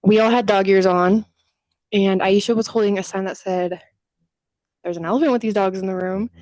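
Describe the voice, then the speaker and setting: A woman's voice: mid-range voice, steady tone, normal speed, darkish tone, no room sound. A young adult woman co-hosting a podcast, chatting casually and telling stories with casual swearing and acted-out quotes. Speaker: podcast co-host. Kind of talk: casual chat.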